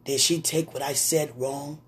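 A preacher voicing a gentle, caring older spiritual mother who prays softly and repeats herself. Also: mid-range voice, fairly even intonation, unhurried, pitched below the performer's own voice, close to an everyday voice. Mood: tender, prayerful. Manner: tender, soft-spoken, praying. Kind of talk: retelling a prayer conversation.

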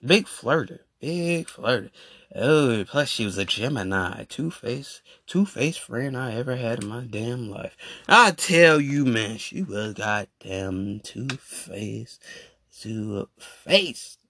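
A man ranting casually in a voice message, animated and repetitive with slang. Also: mid-range voice, slow, husky, no echo, studio quality. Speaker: podcast host. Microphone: phone voice message.

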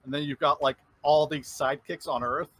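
A man's voice: on the high side, steady tone, brisk, fairly bright tone, breathy edge. A man co-hosting a casual chat, blunt and opinionated with dry humor. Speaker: podcast co-host.

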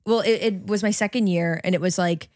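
A woman's voice: on the low side, brisk, a little mellow, no room sound. Woman, twenties, podcast co-host, blunt, swears a lot, dry close sound. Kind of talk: casual chat.

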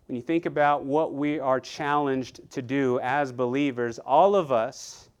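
Animated, clear-voiced male preacher. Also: mid-range voice, a little slow. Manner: animated preaching with frequent repetitions and asides to the congregation. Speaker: pastor. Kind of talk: sermon.

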